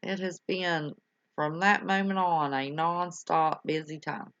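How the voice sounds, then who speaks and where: An older woman chats casually with viewers on her livestream, her manner folksy and affectionate as she says honey and y'all. Her pitch is fairly low and her intonation fairly even, with a slow pace and fairly bright tone. Sound is dull, lo-fi home stream audio.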